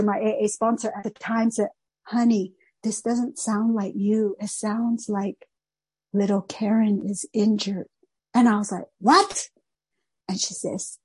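A woman's voice: medium pitch, darkish tone, breathy edge, dry recording. A middle-aged woman, not a native English speaker, telling her recovery story in a rambling, emotional way with many restarts. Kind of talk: personal testimony.

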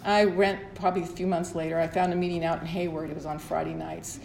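Talking fast in a lowish, flat voice with vocal fry and a darkish tone, a middle-aged woman opens up at a support meeting. Her personal sharing is candid and rambling, full of restarts. The room echoes, with faint ambience and slight background noise.

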